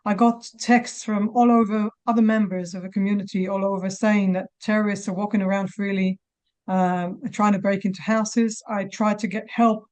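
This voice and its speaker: A woman, a mother of hostages making an emotional, halting appeal at a press conference, near tears. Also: fairly high pitch, darkish tone. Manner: halting, many pauses and restarts.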